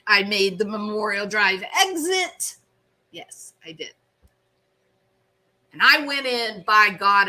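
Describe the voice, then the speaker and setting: A woman's voice: mid-range voice, bright, forceful tone. A woman hosting her own channel, telling a story with self-mocking, theatrical humor. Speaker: channel host. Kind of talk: storytelling commentary.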